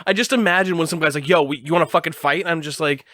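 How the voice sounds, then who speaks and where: A man's voice: on the high side, rapid-fire, sharp tone, dry recording. A man hosting a podcast in a loose, joking chat, swearing freely and laughing often. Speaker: podcast host. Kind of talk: casual comedic chat.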